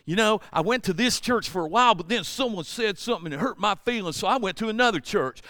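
A man's voice: high-pitched, animated, fast talker, bright, forceful tone, no room sound, studio quality, voice pushed up. A man playing a fickle churchgoer who rattles off complaints in a whiny, self-justifying way.

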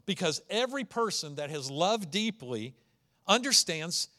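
The pastor sounds high-pitched and sing-song, his tone bright and forceful at a measured pace. His sermon is conversational, built on stories, with key words given dynamic stress.

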